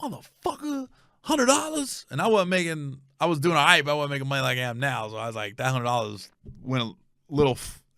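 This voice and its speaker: Gravelly man telling a profane story. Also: medium pitch, fast talker, dry recording, clean studio sound. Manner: animated, profane, acts out every voice. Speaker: comedian host. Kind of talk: casual storytelling.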